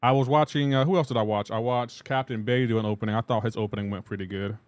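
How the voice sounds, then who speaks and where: A man's voice: medium pitch, steady tone, quick pace. A man streaming a game live, chatting casually and greeting his viewers one by one in an upbeat, talkative way. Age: adult with a child.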